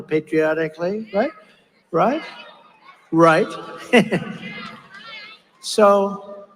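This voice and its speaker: A man's voice: sits high, slight background noise. An older man giving a rambling, repetitive, mocking campaign speech at a large rally. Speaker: political candidate. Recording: long echo of a big rally hall.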